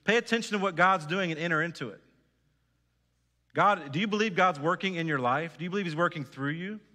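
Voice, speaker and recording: A man's voice: fairly high pitch, brisk, sharp tone, big-room sound. A man preaching a sermon as pastor, earnest, repeating phrases and putting direct questions to his congregation. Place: church sanctuary.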